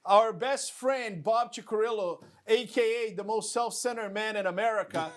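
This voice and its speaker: A man's voice: high-pitched, moderate pace. A man hosting a casual talk show, telling stories and mimicking other people's lines. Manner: animated storyteller, mimics others. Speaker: podcast host. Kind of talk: casual bodybuilding chat.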